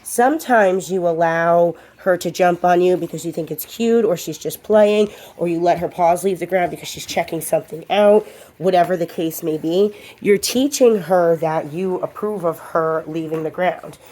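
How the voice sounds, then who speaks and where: A woman's voice: on the low side, normal speed, a little mellow. A woman dog trainer explaining a lesson to viewers while she works a puppy, giving firm short commands in between. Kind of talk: hands-on training demonstration.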